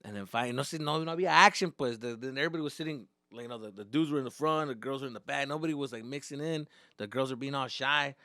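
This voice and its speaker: A young man doing stand-up, telling a story in animated, profane bursts with Spanish slang mixed in. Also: mid-range voice, rapid-fire, no room sound, studio quality. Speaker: stand-up comedian. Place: comedy stage.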